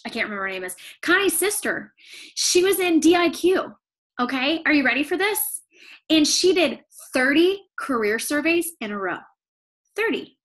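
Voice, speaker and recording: A woman leading a sales team, giving an energetic motivational talk, repeating phrases for emphasis. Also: fairly high pitch.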